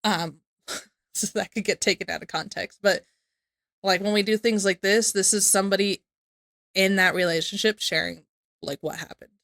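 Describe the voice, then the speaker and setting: A young woman comments on a video she is watching, in a loose, rambling way that keeps circling back in exasperation. Her voice is bright and forceful. The sound is dry and close to the mic. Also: mid-range voice, steady tone, moderate pace, pauses often, no echo. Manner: rambling, exasperated, repeats herself. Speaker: reaction streamer.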